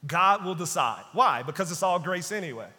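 A man pastor preaching a sermon with emphasis, repeating key phrases and dropping to hushed tones. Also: high-pitched, lively intonation, moderate pace. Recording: long hall reverb.

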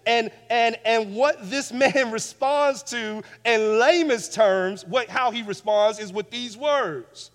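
A male pastor preaching a sermon, repeating phrases emphatically and swinging between hushed and loud passages, on a clip-on mic. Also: very high voice, takes it slowly, hardly any pauses. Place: church sanctuary. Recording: long reverb of a church hall.

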